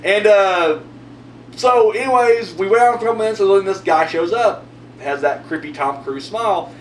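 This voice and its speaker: A man hosting his own video channel, telling a long story in a rambling, profane, animated way. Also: sits high, normal speed, recorded from a distance. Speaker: video host answering viewer comments. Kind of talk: casual storytelling monologue. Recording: roomy echo, mic set back, faint hum.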